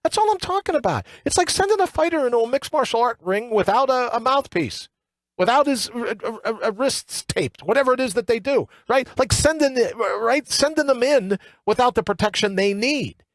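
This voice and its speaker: A man hosting a morning talk show in a studio, ranting in an animated, colloquial monologue full of asides. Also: extremely high pitch, a little fast, no echo. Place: radio studio. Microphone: studio microphone with earpiece.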